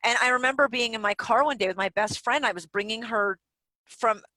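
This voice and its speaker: A woman guest on a podcast, telling stories in a candid, animated way and swearing freely. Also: fairly high pitch, brisk, no room sound, rough recording. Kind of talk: casual interview chat. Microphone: home recording setup.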